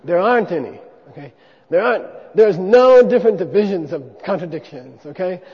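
A man's voice: high-pitched, animated, normal speed, slightly rough. A man teaching a class how to debate, joking and calling out syllables for the room to repeat. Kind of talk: hands-on class demonstration with call-and-response drills. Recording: dull recording in a reverberant hall.

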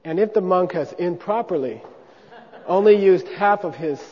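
High-voiced man teaching in a hall. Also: animated, normal speed. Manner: joking, drills syllables loudly for the class to repeat. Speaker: teacher of monastic debate. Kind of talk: hands-on class demonstration with call-and-response drills. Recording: dull recording in a reverberant hall.

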